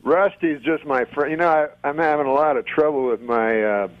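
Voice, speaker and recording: A male comedian calling into a radio show, telling a deadpan comedy bit with drawn-out setups. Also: on the high side, dry recording, lo-fi sound. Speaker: comedian guest. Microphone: phone line.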